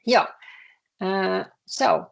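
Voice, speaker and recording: A woman with a Finnish accent teaches a language lesson in a creaky, medium-pitched voice that swings widely in pitch. She talks haltingly, using many fillers and repeating words while explaining.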